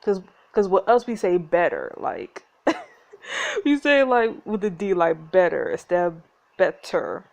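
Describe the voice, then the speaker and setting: An American woman casually reading a story game aloud, chatty and quick to laugh, adding her own asides. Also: medium pitch, lively intonation, creaky. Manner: chatty, laughs often, reads all parts. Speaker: gameplay narrator.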